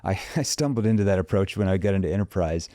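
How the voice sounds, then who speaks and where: A man's voice: low-pitched, animated, fast, dark tone, no echo, studio quality. A man talking as a sales trainer guest in a podcast interview, emphatic, acting out sample phone calls in an upbeat voice.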